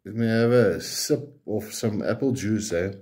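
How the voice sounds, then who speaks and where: A man's voice: fairly low pitch, measured pace, a little mellow. Angry South African man ranting. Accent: South African, Afrikaans-speaking. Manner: blunt, profane, repeats points with rhetorical questions. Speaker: political commentator. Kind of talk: angry political rant to camera.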